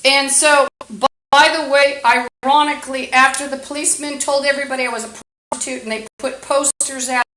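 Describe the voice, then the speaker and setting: A woman's voice: high-pitched, fairly even intonation, fairly quick, pushed and bright, poor audio. A woman talking into a phone or camera mic in a rambling, agitated, profane livestream monologue full of fillers.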